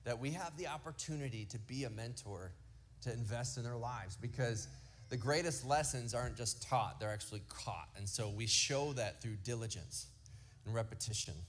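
Storytelling pastor, slow and emphatic. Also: male voice, mid-range voice, slight background noise. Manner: storytelling, acts out quotes from kids. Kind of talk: sermon.

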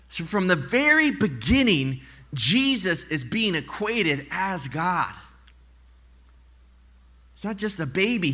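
A man preaching a sermon as pastor to a congregation, animated and mixing in joking asides. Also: sits high. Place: church in front of a congregation.

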